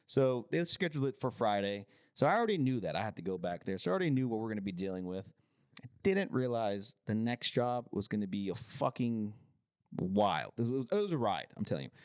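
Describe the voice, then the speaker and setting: A man on a podcast telling a rough, profane story about a work site, often acting out the other people's lines. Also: fairly low pitch, dry recording, clean studio sound. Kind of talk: casual storytelling.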